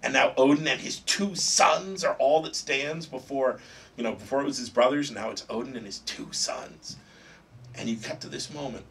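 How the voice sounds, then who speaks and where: A man guest in a casual interview, retelling stories in an animated, excited way with casual swearing. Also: medium pitch, normal speed, gravelly, recorded from a distance, a little hiss or hum. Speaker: comic book writer guest.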